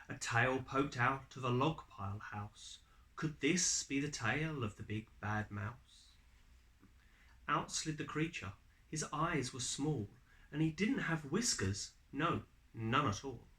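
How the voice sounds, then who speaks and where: A man reading a rhyming children's picture book aloud. His pace is slow and rhythmic, his voice lively and bright, rising and falling with every line. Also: mid-range voice. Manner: expressive, rhythmic rhyming delivery. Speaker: storyteller.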